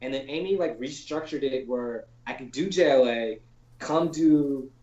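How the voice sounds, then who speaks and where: A man's voice: mid-range voice, moderate pace. Slangy male storyboard artist, echoey call. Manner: loose and slangy, heavy on "like", swears casually; acts out quoted people in animated voices. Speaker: storyboard artist, podcast guest. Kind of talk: casual anecdotal storytelling in an interview. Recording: roomy, dull lo-fi call audio.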